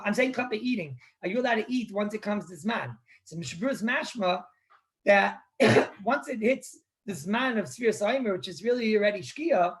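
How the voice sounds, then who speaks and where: In a conversational live online class on Jewish law, a male rabbi speaks in a high-pitched voice, often repeating words and clearing his throat.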